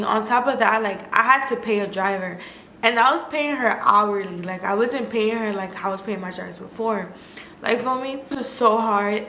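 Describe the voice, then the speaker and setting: Telling a personal story in a casual, unfiltered way, this young food vlogger speaks at a medium pitch with a fairly bright tone. Her talk is emotional, packed with "like" and other fillers, and full of cursing, recorded in an echoey room with a little background noise.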